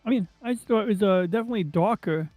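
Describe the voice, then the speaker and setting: Quick high-voiced man on a call. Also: darkish tone, dry recording, faint music behind. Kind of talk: casual online chat.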